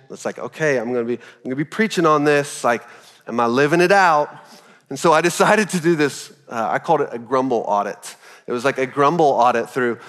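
A man in his thirties preaching a sermon as pastor, telling a story in a loose, animated, conversational way full of "like". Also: medium pitch, long reverb tail. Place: church auditorium.

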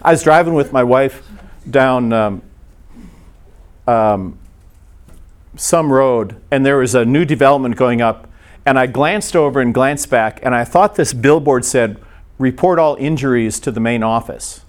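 Man, middle-aged, pastor, conversational sermon, halting restarts, mid-pitched voice. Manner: conversational storytelling, frequent restarts.

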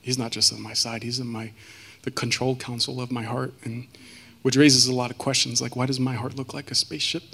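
A man giving a personal testimony as a guest speaker, earnest and halting, with many fillers and restarts. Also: medium pitch, little pitch movement, gravelly, fairly bright tone, slight background noise.

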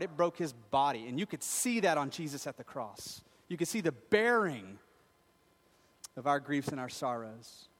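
A male pastor preaching a sermon in a conversational tone, dropping quiet and then rising to emphatic peaks. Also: a little high, in a large hall.

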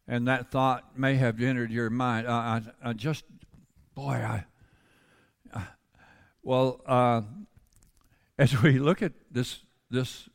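A man's voice: mid-range voice, clean tone, big-room sound. A male pastor preaching a sermon to his congregation, calling out for responses and building to fervent emphasis. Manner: builds from quiet teaching to loud, fervent preaching. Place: church sanctuary.

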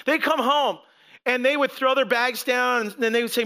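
A male pastor with a strikingly high voice preaches in a loose, conversational way. His tone is bright and forceful as he tells the story with animation and slips into the voices of its people. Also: fairly even intonation, moderate pace, smooth. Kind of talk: conversational sermon.

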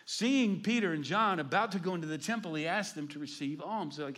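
A man, a pastor preaching a sermon, telling stories and swinging between loud emphasis and hushed asides. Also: a little high, quick pace, hardly any pauses.

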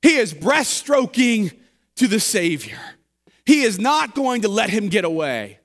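A man's voice: sits high, sing-song, measured pace. A man pastor giving a sermon in a conversational, humorous storytelling manner. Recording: long hall reverb.

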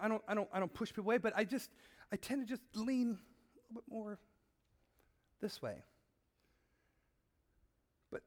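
A middle-aged man giving a sermon in a chatty, searching way, often asking his listeners questions. His voice sits high and moves animatedly through a wide range, and he often doubles back on his words. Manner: conversational, asks the audience questions, repeats words. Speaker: pastor.

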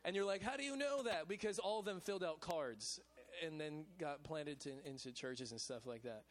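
A male pastor of a college ministry, preaching a lively sermon in a casual, chatty way at a church service. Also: on the high side, normal speed. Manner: casual and chatty, with repeated "man" and "you know what I'm saying".

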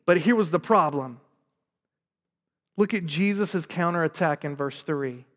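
A man's voice: on the high side, a little slow, fairly bright tone, long reverb tail. A man in his thirties preaching a sermon, earnest and asking rhetorical questions. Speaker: pastor.

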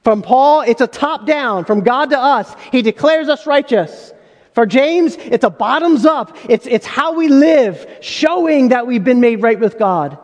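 A man's voice: very high voice, expressive, a little slow, big-room sound. A male pastor preaching a sermon in an emphatic way, full of rhetorical questions.

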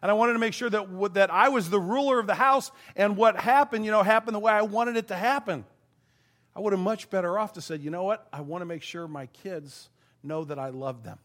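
A man with a slightly high voice delivers a sermon from the pulpit. He speaks with earnest feeling and laughs easily. When moved, his voice grows thin and quiet. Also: brisk. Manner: earnest, emotional, given to laughing and choking up. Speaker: pastor.

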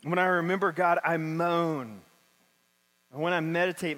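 A man's voice: a little high, steady tone, normal speed, a bit bright. A man preaching a sermon in a church, reading scripture and then talking about it in a casual, conversational way. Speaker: pastor. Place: church sanctuary. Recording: long hall reverb.

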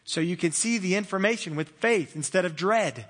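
A man delivers a conversational sermon in a high, bright voice. He laughs easily and slips into small acted-out voices to make his points. The sound carries the long reverb of a large church hall. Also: expressive, normal speed. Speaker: pastor.

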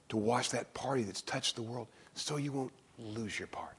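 A man preaching a sermon as pastor in a church, in an emphatic, animated way. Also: on the low side, moderate pace, a little hiss or hum. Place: church stage.

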